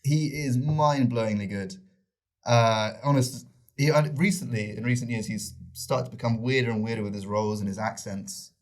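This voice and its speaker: A man's voice: medium pitch, steady tone, normal speed, a little mellow. A man co-hosting a podcast, talking eagerly in casual chat and often restarting sentences. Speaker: podcast co-host. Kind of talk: casual film review chat.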